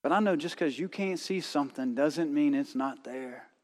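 A man in his thirties, from North Carolina, preaches a sermon with a fairly high voice. He moves between scripture and a personal story, sinking to a near hush for the dramatic beats. The sound carries a long church reverb. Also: normal speed. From North Carolina, USA. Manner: storytelling with dramatic drops to a hushed voice.

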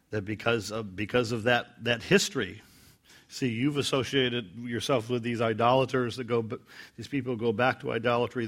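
Guy teaching the bible verse by verse, gets loud acting out the quotes then goes quiet and low explaining. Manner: animated, acts out quoted lines with rising pitch and volume. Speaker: preacher.

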